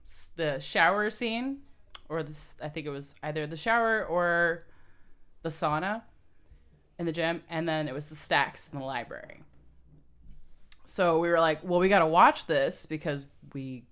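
A woman's voice: sits low, a little slow, long pauses, a bit bright. Candid woman telling a story. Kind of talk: casual chat.

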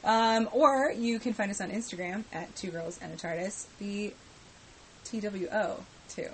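A woman's voice: medium pitch, a little slow, a little hiss or hum, low-quality recording. A woman co-hosting a casual podcast, laid-back and giggly, often trailing off mid-thought. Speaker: podcast co-host. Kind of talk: casual chat.

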